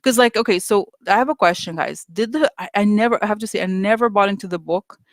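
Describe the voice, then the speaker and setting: A chatty vlogger rants at viewers with open exasperation, stumbling through fillers and restarts. The voice sits in a middle pitch. It is recorded close and dry, with no room sound. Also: fast, no room sound. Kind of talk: casual opinion rant to viewers.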